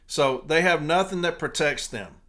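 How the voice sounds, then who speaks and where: A man's voice: on the high side, normal speed, sharp tone. A man hosting a podcast who rallies his listeners, repeating his points and cursing freely. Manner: rallying, repetitive, profane. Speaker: podcast host. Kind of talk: fired-up podcast monologue.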